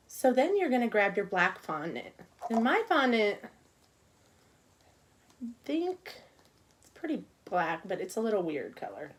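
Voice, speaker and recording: A woman's voice: mid-range voice, big pitch swings, slow pace, long pauses, slight background noise. Chatty woman teaching a cupcake class. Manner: chatty, talks to herself while working, soft murmurs. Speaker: cake decorating teacher. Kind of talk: casual online class demonstration.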